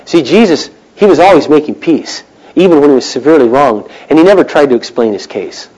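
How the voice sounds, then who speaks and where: A middle-aged man preaching a sermon, swinging from loud, emphatic lines to quiet, hushed asides. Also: a little high, animated, brisk, poor audio. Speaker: pastor.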